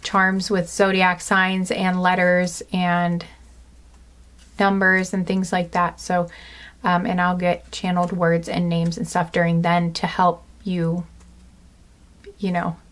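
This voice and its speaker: A woman's voice: on the low side, completely flat delivery, takes it slowly. Chatty woman tarot reader, dry-throated. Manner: rambling, filler-heavy, laughs at her own slips. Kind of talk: casual pick-a-card tarot reading.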